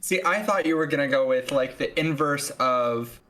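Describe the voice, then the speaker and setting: A man's voice: medium pitch, normal speed, a bit bright. Giggly man player telling rambling bits. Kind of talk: live-streamed tabletop role-play.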